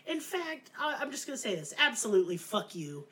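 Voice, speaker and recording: A woman's voice: a little high, big pitch swings, fairly quick, a bit bright, a little hiss or hum. A middle-aged woman hosting a podcast, telling a fairy tale in a crude, sarcastic, comic way. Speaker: podcast host. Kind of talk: profane comedic storytelling.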